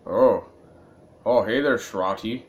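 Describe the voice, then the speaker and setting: A man's voice: fairly low pitch, slow. A man casually commenting while playing a video game, a little tipsy, rambling and joking at his own expense. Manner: rambling, self-mocking, laughs at his own jokes. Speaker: gaming video creator. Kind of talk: let's-play commentary.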